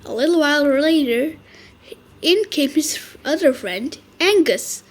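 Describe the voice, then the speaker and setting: A woman reading a children's storybook aloud, slow, clear and expressive. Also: high-pitched. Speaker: storybook reader. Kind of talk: children's read-aloud narration.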